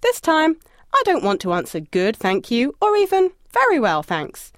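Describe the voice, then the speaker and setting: A woman narrating a scripted audio language lesson, encouraging and lightly humorous, asking the listener to answer out loud. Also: sits high, huge pitch swings, moderate pace, dry recording, clean studio sound. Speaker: language course instructor.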